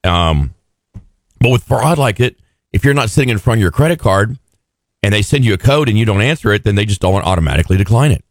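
Lower-voiced man in casual chat. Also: lively intonation, no echo, clean studio sound. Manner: chatty, quick reactions and asides. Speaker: co-host.

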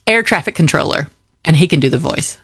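Female co-host, conversational and animated, casual banter. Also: sits low, fairly quick, creaky, breathy edge. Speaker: radio co-host. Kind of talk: casual morning show banter.

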